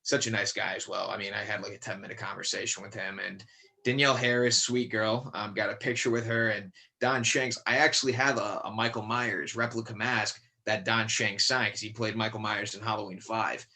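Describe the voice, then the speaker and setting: A man's voice: on the low side, flat delivery, a little fast, creaky, sharp tone. Rambling man, lots of fillers. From Connecticut. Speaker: podcast guest, actor. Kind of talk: casual chat.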